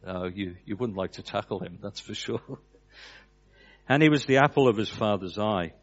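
A man's voice: lowish voice, moderate pace. A man preaching a sermon, telling a story with an earnest cadence that drops away at the ends of phrases. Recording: dull lo-fi recording.

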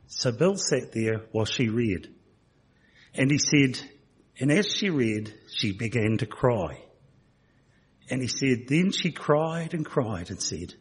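A man's voice: medium pitch, big pitch swings, slow, slightly rough. A man telling a folksy story to a church congregation, recorded in a church hall. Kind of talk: anecdote told to a congregation.

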